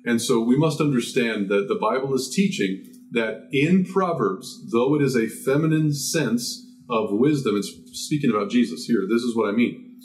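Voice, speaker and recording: Male preacher, mid-pitched, teaching scripture with emphatic rhetorical questions. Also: moderate pace. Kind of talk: Bible teaching sermon.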